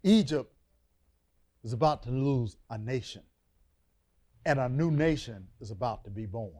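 A man preaching a Bible lesson to a congregation, dynamic and conversational, dropping quiet and then booming, with informal church vernacular. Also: expressive, measured pace. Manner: dynamic, call-and-response, drops soft then booms. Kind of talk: sermon.

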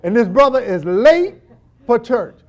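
A man's voice: extremely high pitch, a little slow. A middle-aged man, a church deacon, giving a humorous Bible teaching and acting out little scenes as he goes. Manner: animated, acts out scenes with quoted voices, jokes and laughs.

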